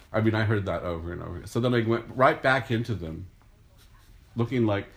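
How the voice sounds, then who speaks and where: An older man, an artist, telling an animated anecdote and acting out the crowd's voices with gasps. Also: lowish voice, fairly quick, gravelly. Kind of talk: storytelling anecdote.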